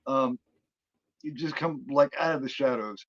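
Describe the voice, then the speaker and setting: In casual chat, a male podcast co-host rambles through a movie's plot at a measured pace, full of fillers, stops and restarts. His medium-pitched voice has no room sound, arriving through a muffled, lo-fi recording that feels dry and close.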